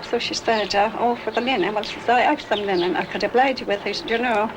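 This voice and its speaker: A woman's voice: medium pitch, fast talker. An older woman with a Dublin Irish accent, recalling a neighbour in a rambling, chatty way and acting out the dialogue. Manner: chatty, acts out quoted dialogue. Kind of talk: rambling reminiscence. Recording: noisy 1960s archive recording.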